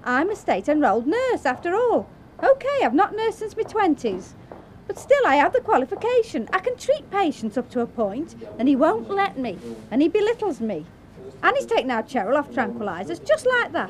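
A prim, put-upon receptionist, touchy about her standing. Her voice is high and lively, leaping about as she protests. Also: a little hiss or hum. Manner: prim, indignant, turns fawning on the phone. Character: fretful, put-upon northern receptionist woman. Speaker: doctor's receptionist.

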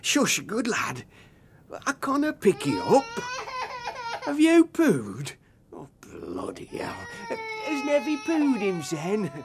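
A cantankerous old grandad, grumbling and telling corny jokes. His voice is gravelly and swings up and down a lot, and a faint hiss sits under it. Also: very high voice, huge pitch swings, slow pace, heavily acted. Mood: flustered. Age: older. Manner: grumbling, broad, cracking bad jokes. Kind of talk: TV drama acting.

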